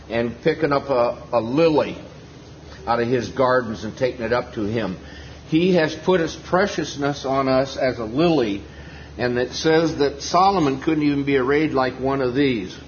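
A preacher at a Bible reading earnestly explains a parable in a mid-range male voice, with frequent fillers and restarts. The dull lo-fi meeting recording carries a little hiss or hum.

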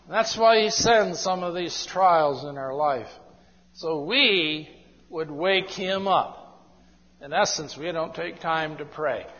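Slow emphatic preacher in echoey hall. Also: male voice, on the high side, a bit bright. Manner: slow, emphatic, drawn-out phrasing. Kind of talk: evangelistic sermon. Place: church hall. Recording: dull echoey hall recording.

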